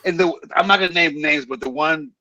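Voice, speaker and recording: Bright, emphatic man on a dry distant mic. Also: on the high side, fairly quick. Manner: blunt, emphatic, slangy. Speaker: co-host of a bodybuilding watch party. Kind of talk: casual live-stream chat.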